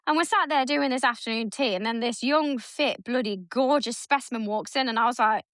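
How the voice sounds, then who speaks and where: A woman's voice: fairly high pitch, fairly quick, dry recording, studio quality. A woman co-hosting a podcast, telling stories in casual chat and acting out her son's lines. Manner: animated storytelling, acts out her son's lines. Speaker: podcast co-host.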